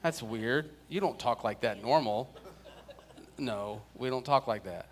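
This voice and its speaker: A man's voice: medium pitch, measured pace. A man teaching a casual church Bible class, chatting and joking with his students.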